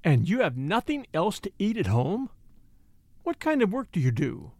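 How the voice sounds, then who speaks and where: A man puts on a brash thirty-year-old shop girl with a sharp tongue and slangy, bossy talk, pitched higher than his own voice and swinging lively through each line. The read is close and dry, with no room sound. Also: normal speed, no echo, full character voice. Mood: cutting.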